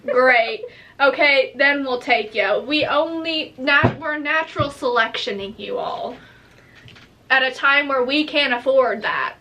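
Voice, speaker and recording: A woman's voice: high-pitched, measured pace, sharp tone, slight background noise. A woman co-hosting a casual book review chat, ranting in exasperation and mocking the characters she quotes. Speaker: book vlogger co-host.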